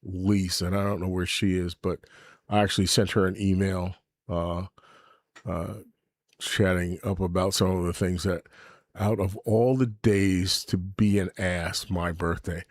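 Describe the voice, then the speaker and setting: Middle-aged male podcast host, lowish voice, dry close sound, rambling and unfiltered, talks straight to his live chat. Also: steady tone, measured pace, no echo. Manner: rambling, candid, swears freely; reads and answers live chat. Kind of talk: casual livestream chat. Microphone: desk mic with camera.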